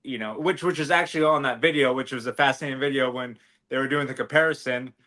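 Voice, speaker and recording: A man's voice: medium pitch, fairly even intonation, quick pace, bright, forceful tone. A man co-hosting a podcast in casual chat, rambling with lots of fillers and restarts. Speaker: podcast co-host.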